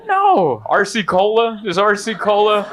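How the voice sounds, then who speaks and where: Animated man doing stand-up, slightly high. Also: unhurried. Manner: animated, swings into high exaggerated bits. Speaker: stand-up comedian. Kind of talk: stand-up comedy set.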